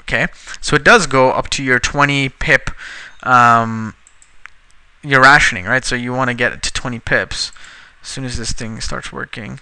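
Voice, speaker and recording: A man teaching a trading strategy over a screen recording, casual and increasingly frustrated, swearing at his slow computer. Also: mid-range voice, steady tone, pushed and bright, clean tone, no room sound. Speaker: trading instructor.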